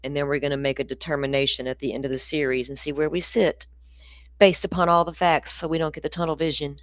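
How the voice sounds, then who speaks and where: A woman's voice: low-pitched, level tone, fast talker, dry recording. A middle-aged woman, hosting a casual true crime livestream in a rambling, profane, ranty way.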